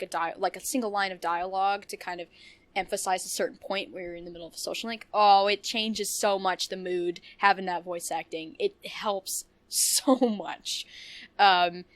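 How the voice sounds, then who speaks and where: A woman's voice: medium pitch, normal speed, a bit bright. A woman co-hosting a casual podcast, chatting in a rambling, gushing way with frequent restarts and giggles. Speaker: podcast co-host. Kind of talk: casual podcast chat about video games.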